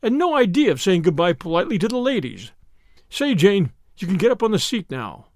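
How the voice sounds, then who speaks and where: A man's voice: high-pitched, sing-song, brisk, no echo, studio quality. A man doing a breezy young American tough guy with a slangy drawl. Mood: easy, wry. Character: brash young American man, easygoing and bold.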